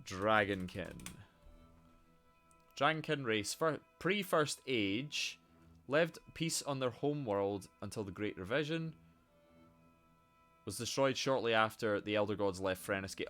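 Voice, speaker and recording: Male streamer, lively swooping pitch, rambling, sweary, casual game chat, faint music behind. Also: unhurried. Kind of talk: casual live game commentary.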